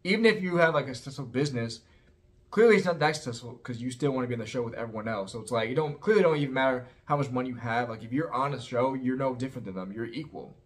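Male vlogger recapping reality TV: rapid, sassy, gossipy, mid-pitched voice. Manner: sassy, animated, heavy use of "like" and "girl". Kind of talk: casual opinionated recap.

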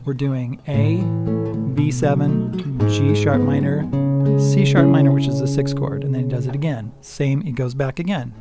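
An older man giving a casual guitar lesson, chatty and unhurried, counting beats aloud and singing lines softly. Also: medium pitch, fairly even intonation. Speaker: guitar teacher. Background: acoustic guitar playing.

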